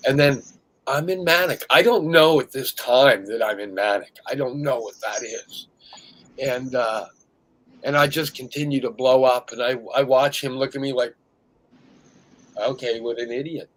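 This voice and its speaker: A man's voice: medium pitch, moderate pace, a bit bright, low-quality recording. A middle-aged man co-hosting a podcast, telling a painful memory candidly and dropping almost to a whisper at the heaviest moments. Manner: emotional storytelling, drops to a near whisper at heavy moments. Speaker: podcast co-host. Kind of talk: candid conversation.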